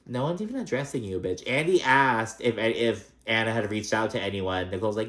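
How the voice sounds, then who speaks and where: A man's voice: lowish voice, animated, moderate pace, few pauses, fairly bright tone. Sassy, profane man gossiping. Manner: chatty, profane, sassy, lots of fillers. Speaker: recap vlogger. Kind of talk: casual gossipy recap.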